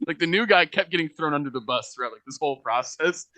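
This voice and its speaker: A young man spins a work story for a podcast, animated and quick to laugh. His tone is bright and pushed forward, recorded dry and close with no room sound. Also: fairly high pitch, dry recording. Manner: animated anecdote-telling, laughing often, acting out quotes. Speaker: podcast co-host. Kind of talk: casual storytelling chat.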